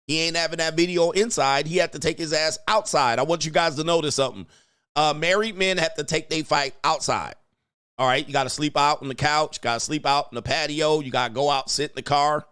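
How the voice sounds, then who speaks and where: A man's voice: on the high side, a bit bright, smooth. Brash man hosting a reaction stream. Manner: brash, mocking, repeats "all right". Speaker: host. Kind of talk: reaction livestream commentary.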